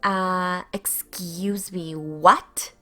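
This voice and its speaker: A woman's voice: fairly low pitch, fairly even intonation, extremely slow, bright, forceful tone, soft background music, heavily acted. A woman doing an indignant entitled shopper. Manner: indignant, huffy and sarcastic. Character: rude entitled middle-aged woman shopper.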